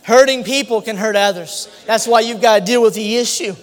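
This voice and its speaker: A male pastor preaching a sermon, emphatic, climbing into shouted repetitions. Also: high voice, a little fast. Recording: long hall reverb.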